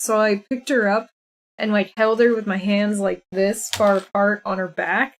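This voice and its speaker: A woman's voice: mid-range voice, level tone, normal speed. A woman streaming a video game live, chatting casually, laughing often and scolding her cat between moves. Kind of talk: casual live-stream chat while gaming.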